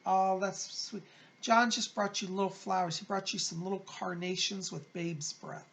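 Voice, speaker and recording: Male psychic host with a gravelly voice, reading viewer letters and relaying spirit messages; consoling and chatty. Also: high voice, fairly even intonation, moderate pace. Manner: gentle, consoling, chatty, calls listeners "hon". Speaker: psychic medium.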